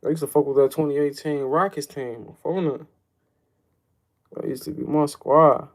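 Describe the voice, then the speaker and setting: A man's voice: on the high side, fairly even intonation, unhurried. A young man hosting a casual livestream, rambling in slangy, profane talk, calling everyone folks and answering chat questions. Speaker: livestream host.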